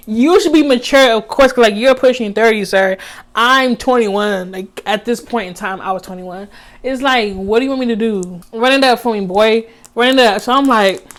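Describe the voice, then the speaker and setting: A woman in her twenties telling a storytime vlog in an animated, emphatic, slangy way. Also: a little high. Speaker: vlogger.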